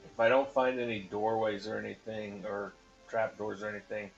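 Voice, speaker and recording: Gravelly, flat-voiced male player. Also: on the low side, moderate pace, muffled recording, faint music behind. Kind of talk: tabletop game play.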